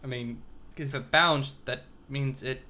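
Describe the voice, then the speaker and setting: A woman co-hosting a casual chat, quick with jokes and exclamations. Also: extremely low pitch, fairly even intonation, sharp tone, slight background noise. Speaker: podcast co-host.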